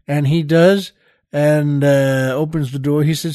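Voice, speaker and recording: A man's voice: a little high, measured pace, warm tone, no room sound, studio quality. Folksy, chatty male joke-telling host. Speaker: show host.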